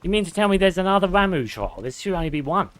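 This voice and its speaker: A young man streams himself playing a video game and chats casually with viewers, reading chat aloud and occasionally swearing. His voice sits high and is fairly bright, with big pitch swings and a fast delivery. The recording is dry, with game music in the background.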